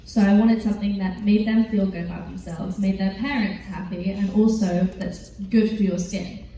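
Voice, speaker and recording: Recorded from a distance in a large, echoey convention hall with faint noise, a teenage girl with an English accent, an actress on a panel, fields fan questions. She's chatty and giggly, rambling with many fillers, in a warm, mid-range voice with a steady tone at normal speed.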